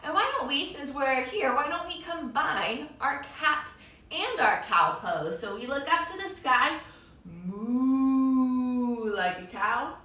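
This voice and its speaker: Leading kids through yoga, a young teacher uses a high, bright, forceful, sing-song voice at an unhurried pace. She stays upbeat and encouraging and adds animal sounds to the poses, with echoey room audio from a distant mic.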